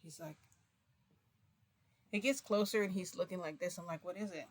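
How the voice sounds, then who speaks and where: A woman's voice: on the low side, normal speed. A woman telling a long personal story in a casual, rambling way, constantly switching into quotes with "I'm like" and "he's like.". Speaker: vlogger recounting a reality-shifting experience.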